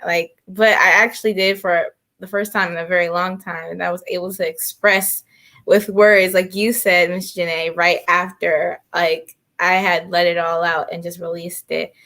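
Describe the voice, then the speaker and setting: A woman's voice: fairly low pitch, bright, forceful tone. A teenage girl on a panel, chatty and candid, sharing a school story. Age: teens. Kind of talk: panel discussion.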